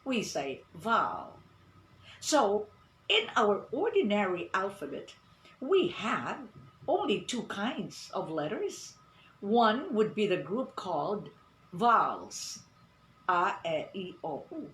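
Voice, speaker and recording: A woman giving an online pronunciation lesson, speaking deliberately, repeating words and asking the class questions. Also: mid-range voice, sing-song, fairly bright tone, a little hiss or hum. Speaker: English teacher. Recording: roomy echo.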